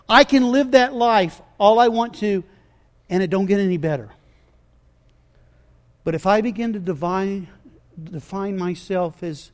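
High-voiced, slow preaching man. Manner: dramatic preaching, swings from hushed to shouted. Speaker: pastor. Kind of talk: sermon.

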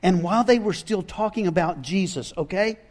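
A man preaching a sermon, telling the story in an animated, conversational way with casual asides. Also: high-pitched, normal speed. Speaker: pastor.

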